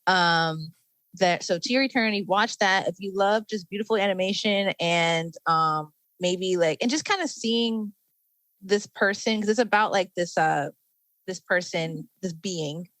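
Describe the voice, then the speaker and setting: A woman's voice: mid-range voice, a little slow, a bit bright, no room sound, rough recording. A woman guest on a podcast, describing things enthusiastically with lots of fillers. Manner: enthusiastic, rambling, many fillers. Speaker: guest, anime content creator. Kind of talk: casual interview chat.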